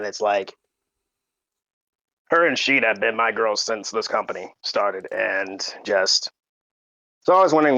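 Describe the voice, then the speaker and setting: A man co-hosting a podcast, talking in a halting, emotional way full of fillers and restarts, fighting back tears. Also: on the low side, creaky, pushed and bright, no echo, highs cut off. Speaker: podcast co-host. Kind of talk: casual podcast chat.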